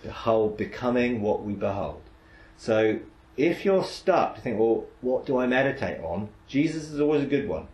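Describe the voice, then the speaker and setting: A man's voice: mid-range voice, animated, moderate pace, darkish tone. A man leading a faith meditation exercise in a chatty, rambling teaching style, with frequent asides and restarts. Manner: conversational, rambling, with frequent "you know" and restarts. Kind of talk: informal teaching session. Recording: roomy echo.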